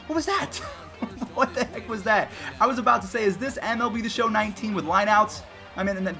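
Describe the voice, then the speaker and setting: A high-voiced young man chats his way through a baseball video game, reacting quickly and excitedly to every play. His tone is bright and forceful, and faint game music runs underneath. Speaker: gaming YouTuber. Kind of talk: gameplay commentary.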